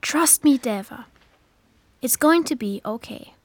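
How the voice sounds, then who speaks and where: Cast note: a gentle, reassuring schoolgirl, fairly high voice. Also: expressive, unhurried, no echo. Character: kind sensible schoolgirl Blossom.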